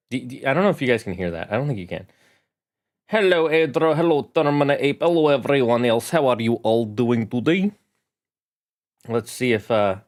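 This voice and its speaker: A man hosts a casual live stream about preparing tabletop games. He talks in a chatty, animated, rambling way with a mid-range voice. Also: medium pitch. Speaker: game master streamer.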